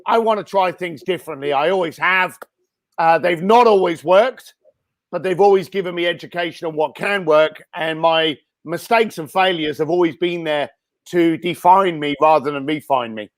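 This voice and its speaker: High-voiced blunt man, a bit hoarse. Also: moderate pace. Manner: blunt, energetic, many fillers and restarts. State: hoarse, losing his voice. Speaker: guest speaker and entrepreneur. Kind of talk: casual interview answers.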